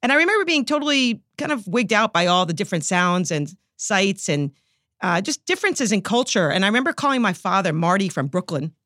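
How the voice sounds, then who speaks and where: A middle-aged woman with a New York accent, a psychology professor answering interview questions as an animated storyteller who laughs easily. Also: medium pitch, fairly quick, no echo, clean studio sound.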